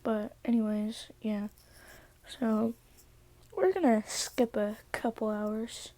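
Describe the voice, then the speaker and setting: A woman video creator casually narrating a fan story she makes up, soft-spoken and hesitant with many fillers. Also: fairly high pitch, fairly even intonation, takes it slowly.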